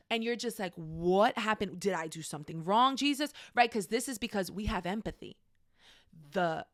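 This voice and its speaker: A woman's voice: a little high, fairly bright tone, no echo, clean studio sound. A woman teaching a faith-based class in a frank, conversational way, speaking straight to her listeners. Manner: acts out quoted voices.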